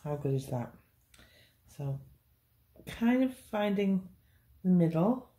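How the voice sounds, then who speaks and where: A woman's voice: lowish voice, big pitch swings, slow, warm tone. A woman teaching a beginners' cake decorating tutorial, chatty and reassuring. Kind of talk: hands-on baking tutorial.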